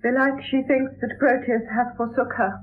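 A woman's voice: fairly high pitch, little pitch movement, normal speed, natural voice. An actress playing a proud yet compassionate young noble lady, speaking verse with dignity and firmness in an old radio play. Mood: dignified. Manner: dignified, firm, stately delivery. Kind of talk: 1960s radio drama verse acting. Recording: tinny lo-fi 1960s radio broadcast.

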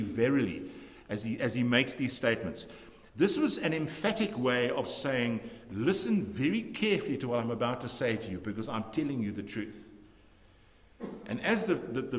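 A man preaching a measured, emphatic sermon as pastor in a church. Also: medium pitch. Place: church sanctuary. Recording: long church reverb.

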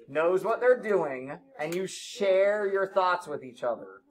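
Male math teacher, classroom lesson, brisk and encouraging with a joking streak. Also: high voice, big pitch swings. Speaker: middle school math teacher.

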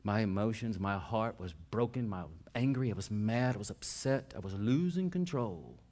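Pastor preaching with big swings in volume. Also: male voice, fairly low pitch, expressive, moderate pace. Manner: swings from loud preaching to quiet, soft storytelling; folksy, conversational preaching. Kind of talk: sermon.

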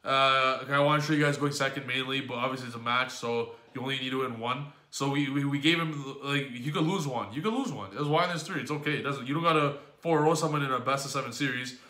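Man, gaming commentator, bright and forceful voice, rambling exasperated play-by-play, swears a lot, echoey room. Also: mid-range voice, fast talker, hardly any pauses. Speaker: YouTube gaming host. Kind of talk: card game commentary recap.

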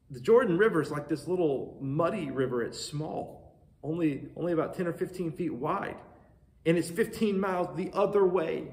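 Male pastor, higher-pitched voice, lively conversational preaching, roomy echo. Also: moderate pace. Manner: conversational and animated, asks the congregation questions. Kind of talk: sermon.

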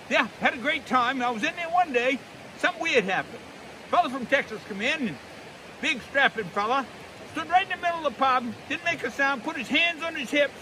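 A middle-aged man with a Maine accent spins folksy comic tales, his voice pitched high and bright. He drawls in a down-home way and slips into little voices for the characters. A faint outdoor hiss runs under him. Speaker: humorist storyteller. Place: outdoors in snowy woods.

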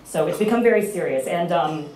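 An American woman speaking on a conference panel, loud and chatty with self-mocking humor. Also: lowish voice, lively intonation, fairly quick, slight background noise. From United States. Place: conference hall. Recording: roomy hall from far off.

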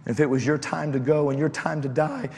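A man preaching a sermon built on a personal testimony, telling the story in an impassioned way that climbs into shouted appeals. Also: fairly high pitch, steady tone, a little fast, gravelly. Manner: impassioned, rising to shouted exhortation. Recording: echoey hall, faint background noise.

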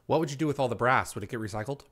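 A man's voice: medium pitch, lively intonation, racing, fairly bright tone. A man hosting a live interview show, asking questions and thanking his guest in a friendly, appreciative way. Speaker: podcast host.

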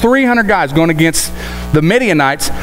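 Folksy, higher-voiced male preacher. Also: normal speed, faint music behind, poor audio. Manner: folksy, animated, acts out quoted voices. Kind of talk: sermon.

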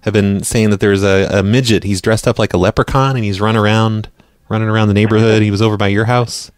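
Deadpan low-voiced prank-call host. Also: male voice, fast, no echo, studio quality. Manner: deadpan, stammers and repeats words. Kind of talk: live prank phone calls.

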